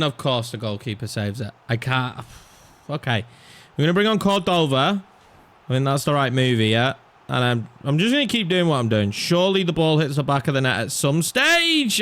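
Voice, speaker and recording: A young man giving live commentary over a football video game, exasperated and swinging between loud outbursts and low muttering. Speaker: gaming YouTuber.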